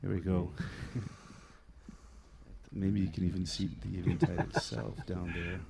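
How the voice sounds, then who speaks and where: A man's voice: low-pitched, level tone, takes it slowly, creaky, noisy background. A man casually demonstrating a vocal effects unit on a livestream, thinking aloud and chuckling as he tweaks settings in his home studio. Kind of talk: casual livestream demo chat. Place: home studio with an equipment rack. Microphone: desk microphone.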